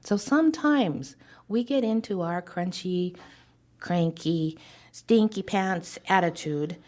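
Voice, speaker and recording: A woman advising as a podcast guest, telling stories with animated acted-out dialogue and dropping to a hushed whisper now and then. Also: lowish voice, takes it slowly. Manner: animated storyteller who acts out quoted dialogue. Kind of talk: podcast interview storytelling.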